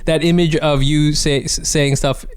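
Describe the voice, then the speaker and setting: A man hosting a comedy podcast, excitable, swearing freely and laughing often in casual chat. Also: fairly high pitch, measured pace, clean tone, no room sound.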